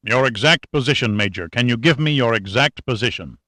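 A man reading an audiobook who voices a weary, grave male admiral speaking over the radio, measured and grim. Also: medium pitch, lively intonation, sharp tone, no room sound, clean studio sound. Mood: probing.

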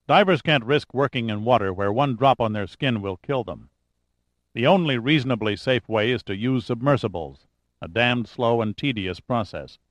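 A man's voice: medium pitch, lively intonation, normal speed, dry recording, lightly acted. A man voicing an arrogant, charming male adventurer who talks in a dry, clipped, sardonic way in an audiobook.

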